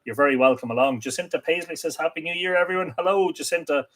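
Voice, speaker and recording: A man's voice: a little high, fast talker, fairly bright tone. A man hosting a casual livestream, reading out viewer comments and greeting them in a chatty, welcoming way. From Ireland. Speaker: livestream host.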